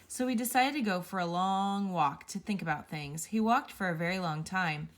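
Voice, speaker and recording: A woman reading a children's picture book aloud, telling it with playful, expressive storytelling. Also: lowish voice, normal speed, slight background noise. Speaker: storybook reader.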